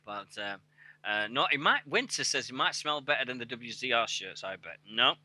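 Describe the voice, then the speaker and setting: A man's voice: medium pitch, very animated, normal speed, sharp tone, no room sound. A man in his forties hosting a radio show on a headset mic, chatting casually with lots of swearing and rambling. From England. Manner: sweary, rambling, laughing at himself.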